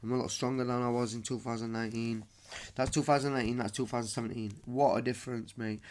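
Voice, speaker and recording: A man's voice: mid-range voice, level tone, quick pace, darkish tone, a little hiss or hum. A man, ranting emphatically into his phone camera on a live stream, swearing and calling listeners mate. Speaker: vlogger.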